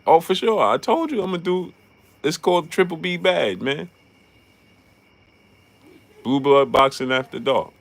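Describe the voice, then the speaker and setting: Animated male boxing livestream host. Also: medium pitch, normal speed, long pauses. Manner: animated, laughs often, greets chat viewers. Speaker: boxing talk show host. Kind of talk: casual livestream chat.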